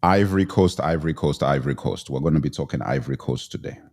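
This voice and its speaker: Hosting a live commentary stream, a middle-aged man welcomes viewers by name and repeats his phrases, a bit congested after sneezing. He talks fast in a very deep, fairly even, slightly mellow voice.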